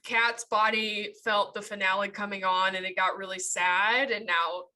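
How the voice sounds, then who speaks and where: A woman co-hosting a podcast in casual chat, animated and joking, laughing often. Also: medium pitch, normal speed, rough recording. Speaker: podcast co-host.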